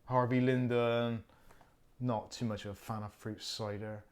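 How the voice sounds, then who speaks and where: A man hosting a casual live stream who jokes and thinks out loud while he unpacks gear. He gives blunt, opinionated asides as he goes. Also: medium pitch, level tone, unhurried. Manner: chatty, jokey, thinks aloud while unpacking.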